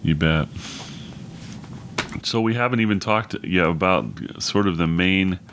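A man's voice: low-pitched, measured pace, background noise. A man co-hosting a podcast, talking casually and agreeably about an old film, with plenty of fillers. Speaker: podcast co-host.

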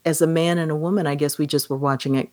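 Low-pitched woman on a podcast, chatty and animated, acting out movie lines, dry close sound. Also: quick pace, no room sound. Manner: animated, acts out quoted lines. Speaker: podcast co-host. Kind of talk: casual film discussion.

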